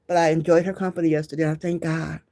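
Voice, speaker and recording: Brief: woman vlogger from Detroit, low voice, warm and unhurried, reminiscing straight to camera. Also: flat delivery. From Detroit, Michigan. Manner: reminiscing, talks straight to viewers. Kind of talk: casual chat to viewers.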